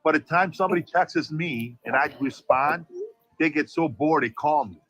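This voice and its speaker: A man's voice: fairly high pitch, normal speed, fairly bright tone, rough recording. A man on a livestream panel, chatting casually in a jokey way and laughing often.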